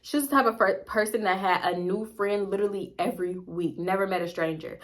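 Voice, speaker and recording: A young woman vlogger telling a gossipy storytime in a blunt, animated and profane way. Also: medium pitch, fairly quick. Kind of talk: casual storytime.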